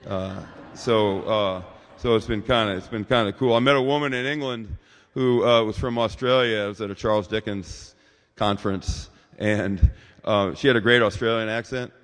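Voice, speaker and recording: A man's voice: on the low side, steady tone, normal speed, in a large hall. A man in his sixties giving a rambling, informal talk as a guest speaker in a church, with many fillers and asides.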